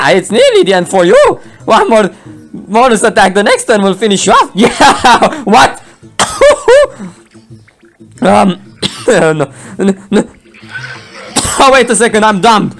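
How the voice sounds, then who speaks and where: Excitable high-voiced man commentating a game. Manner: excitable, laughs often, playful roars. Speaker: gameplay commentator. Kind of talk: playful game commentary voicing both sides.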